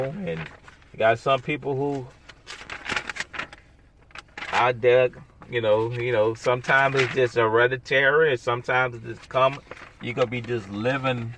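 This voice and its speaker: A man's voice: mid-range voice, noisy background. A man hosting a podcast alone, rambling casually with blunt, sarcastic asides. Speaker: podcast host. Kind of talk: casual solo podcast monologue.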